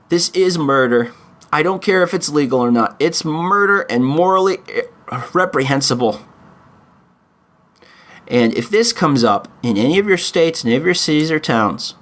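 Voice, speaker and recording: A man's voice: a little high, a bit bright. A man speaks in a slightly raised voice, pleading and emotional as he hosts his podcast. His delivery halts and restarts while he pushes through his points. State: in chronic pain. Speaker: podcast host. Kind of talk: impassioned opinion monologue.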